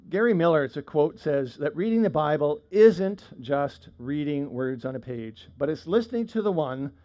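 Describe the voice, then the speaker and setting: A man's voice: fairly high pitch, warm tone, highs cut off. A man preaching a sermon in a conversational way, with frequent fillers and restarts. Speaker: pastor.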